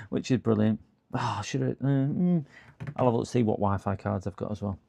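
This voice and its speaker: While working on a repair live stream, a middle-aged man from the UK talks casually to viewers, mutters under his breath, and now and then lets out an exasperated groan. His voice is lowish, gravelly, and mellow, at a moderate pace.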